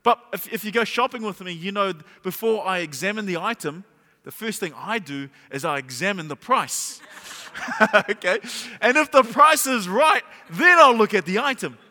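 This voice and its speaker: A middle-aged pastor preaching a sermon, telling a humorous story and asking the congregation rhetorical questions. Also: male voice, high voice, animated, normal speed, pushed and bright. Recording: long hall reverb.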